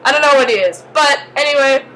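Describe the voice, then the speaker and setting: Rambling, excitable young-sounding woman. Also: high-pitched, quick pace, slight background noise, rough recording. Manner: rambling and excitable, heavy use of "like". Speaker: TV episode recapper. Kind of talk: casual chatty recap.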